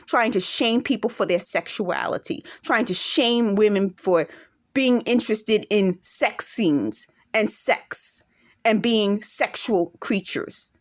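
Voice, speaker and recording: Woman, accented, mid-pitched voice, indignant, emphatic, vlog monologue to camera. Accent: speaks with an accent of her own. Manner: indignant, emphatic, rhetorical questions. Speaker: vlogger.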